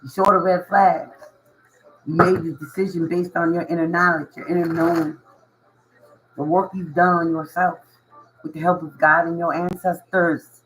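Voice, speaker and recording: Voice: medium pitch, flat delivery, normal speed, fairly bright tone, rough recording. A tarot reader giving a casual reading to viewers, slangy and reassuring, often repeating phrases and laughing. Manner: reassuring, coaching tone.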